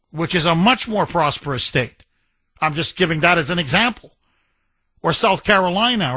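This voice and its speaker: Bright, forceful talk radio host. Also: male voice, fairly high pitch, no room sound. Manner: combative, sarcastic, ranting. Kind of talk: opinionated talk radio monologue.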